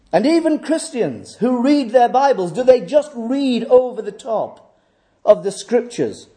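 High-voiced, mellow middle-aged man preaching. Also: animated, moderate pace. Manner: emphatic, repeats phrases, rhetorical questions. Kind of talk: sermon.

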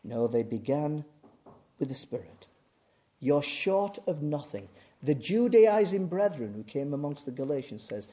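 A man preaching a sermon, swinging from booming emphasis to hushed, intense delivery. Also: sing-song, moderate pace.

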